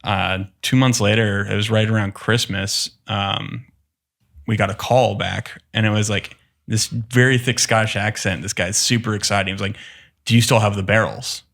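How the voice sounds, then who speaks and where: Guy from texas telling a story on a podcast, low-ish voice, acts out the quotes. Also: normal speed, creaky. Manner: animated, acts out quoted reactions. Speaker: distillery co-owner, guest. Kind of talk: casual storytelling in a podcast interview.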